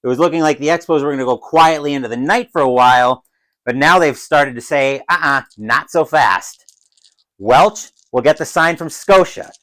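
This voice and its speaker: A man calling a tabletop dice baseball game as a solo play-by-play announcer, who gets loud and excited on big plays. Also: on the high side, moderate pace, rough recording. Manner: adds his own crowd cheers.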